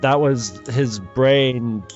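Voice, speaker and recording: A man's voice: medium pitch, very slow, darkish tone. A man co-hosting a casual film chat, thinking aloud and restarting his sentences. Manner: thoughtful, hesitant, restarts often. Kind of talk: casual group chat about films. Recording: dull lo-fi sound, faint music behind.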